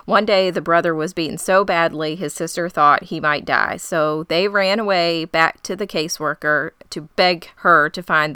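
A woman's voice: low voice, pushed and bright, clear, resonant tone, no echo, studio quality. A woman co-hosting a podcast, narrating a TV plot in a casual chat. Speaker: podcast co-host.

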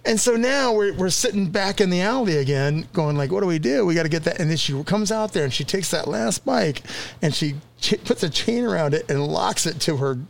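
Laughing throughout, a man with a high-pitched voice and vocal fry animatedly recounts a childhood story in casual conversation, acting out the quotes of the people involved. He speaks briskly.

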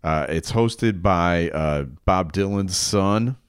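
Man, podcast host, low voice, smooth, dry studio sound, rambling casual chat. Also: slow, no echo. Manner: rambling, loose, many fillers.

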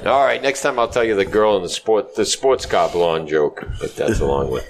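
A man co-hosting a casual podcast, telling jokes with animated delivery. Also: fairly low pitch, moderate pace, vocal fry, a little hiss or hum. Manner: animated joke-telling with lively voices for characters. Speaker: podcast co-host.

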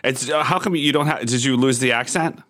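A man co-hosting an interview podcast, jumping in with quick, chatty interjections. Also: mid-range voice, fairly bright tone. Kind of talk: casual interview chat.

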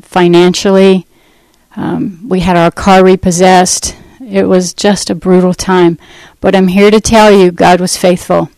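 A middle-aged woman telling her personal testimony in an earnest, conversational way, pausing and restarting as she goes. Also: lowish voice, level tone, a little mellow, no echo, low-quality recording. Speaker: speaker giving a testimony.

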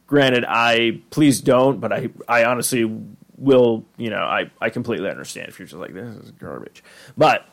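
A man hosting a podcast and recapping an episode in a casual, rambling way, full of fillers. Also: mid-range voice. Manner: rambling, many fillers and restarts. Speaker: podcast host.

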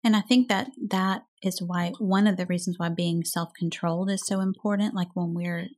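A woman's voice: on the low side, steady tone, normal speed, darkish tone. A woman in her thirties, a mother co-hosting a casual faith and parenting talk, speaking earnestly. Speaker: podcast co-host. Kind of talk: casual chat.

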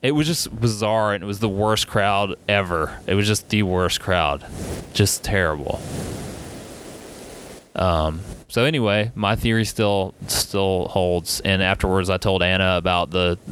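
A young man on a podcast, telling a story in a casual, animated way with lots of fillers and swearing. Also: low-pitched, unhurried, noisy background. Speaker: podcast co-host.

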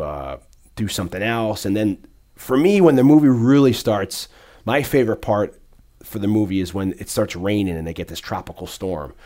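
A man in casual podcast chat, retelling a film scene by scene in a rambling, animated way with many fillers. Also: lowish voice.

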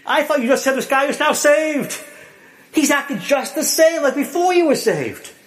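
A man's voice: extremely high pitch, expressive, normal speed, fairly bright tone, pitched above the performer's own voice. A man preacher voicing a skeptical listener who raises an objection in disbelief. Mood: incredulous. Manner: objecting, incredulous. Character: doubtful churchgoer, skeptical man.

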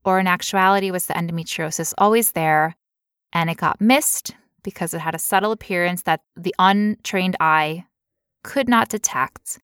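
A woman co-hosting a casual health podcast, explaining medical ideas clearly with playful asides and frequent laughter. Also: fairly low pitch, moderate pace, a bit bright, no echo, clean studio sound. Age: adult past teen years. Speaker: podcast co-host.

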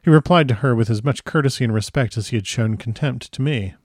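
A man's voice: mid-range voice, quick pace, no echo, clean studio sound. A man reading a classic novel aloud chapter by chapter, breaking off for chatty, casual asides. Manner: chatty asides between read passages. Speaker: audiobook reader.

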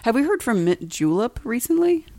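A woman's voice: a little high, big pitch swings, moderate pace, dark tone, no room sound. A woman co-hosting a podcast in casual political chat, with dry, teasing asides.

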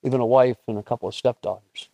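A man's voice: medium pitch, quick pace, vocal fry, no echo. Fifties grandpa guy preaching, chatty storytelling, dry close sound. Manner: conversational, storytelling with rising excited peaks. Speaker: pastor. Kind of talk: sermon.

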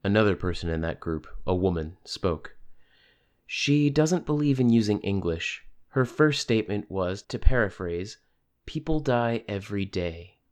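A man narrating an audiobook in a steady, even reading. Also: lowish voice, normal speed. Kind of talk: scripted narration.

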